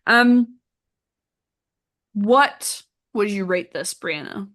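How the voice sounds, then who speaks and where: Bright-voiced woman podcast host. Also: medium pitch, lively intonation, extremely slow. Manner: reads aloud expressively, chats with restarts and fillers. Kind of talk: casual book club chat.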